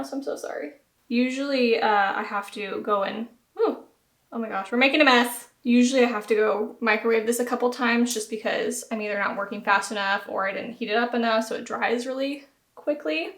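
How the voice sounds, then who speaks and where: Young woman, Southern lilt, chatty and giggly, slightly high voice, echoey home room. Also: a bit bright. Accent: American Southern. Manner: chatty, self-deprecating, giggly. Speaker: beauty vlogger. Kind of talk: casual tutorial chat. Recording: roomy echo.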